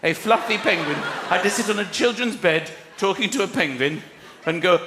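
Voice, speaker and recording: A man in his thirties performing a stand-up comedy routine, acting out exasperated voices and shouting lines. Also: high voice, lively intonation, a little fast, slight background noise. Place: large theatre stage before a live audience. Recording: roomy live theatre with crowd laughter.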